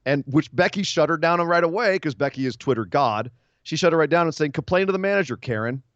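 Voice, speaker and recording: A man's voice: fairly high pitch, dry recording, muffled recording. A man co-hosting a casual wrestling podcast, teasing his partner and laughing as he recaps. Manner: animated, quick to tease and laugh. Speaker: podcast co-host.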